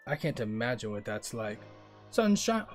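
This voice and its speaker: A man's voice: medium pitch, brisk. Young male streamer, loose rambling delivery, mid-range voice, faint music bed. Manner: rambling, talks straight to chat, says bro often. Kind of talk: casual chat reading viewer comments.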